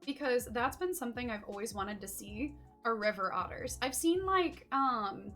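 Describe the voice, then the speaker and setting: Young woman, high bright voice, bubbly livestream artist chatting as she works, faint music under her. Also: expressive, normal speed. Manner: bubbly, gushing, talks to chat while working. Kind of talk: casual livestream chat while body painting.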